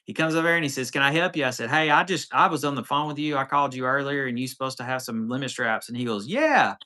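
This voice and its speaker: A man chats on a livestream, winding through a long story and acting out the back-and-forth of each conversation. His voice is bright and forceful, and his pitch sits in an ordinary middle range. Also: fairly even intonation, quick pace. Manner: rambling storyteller, acts out quoted dialogue. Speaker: off-road channel host. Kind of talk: casual livestream chat.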